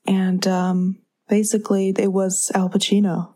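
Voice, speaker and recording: A young woman in casual chat, leading the retelling of a movie plot as an unhurried storyteller. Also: on the low side, darkish tone.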